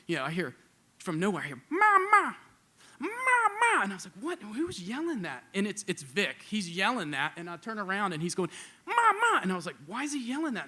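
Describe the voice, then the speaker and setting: Storyteller, male, high bright voice, loose chatty delivery with quoted voices, live club stage. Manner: casual, animated, acts out quoted voices, many fillers.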